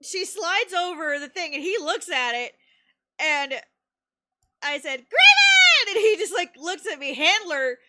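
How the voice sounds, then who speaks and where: A woman streamer telling a story in casual live-stream chat, excitable, laughing often and swearing casually. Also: sits high, measured pace.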